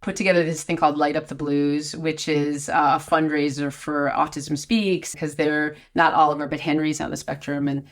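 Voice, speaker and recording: Female actor guest, low-ish voice, animated storyteller who stumbles over her words with laughter. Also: normal speed, few pauses. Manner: animated, laughing, stammering retellings. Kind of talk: casual anecdote telling.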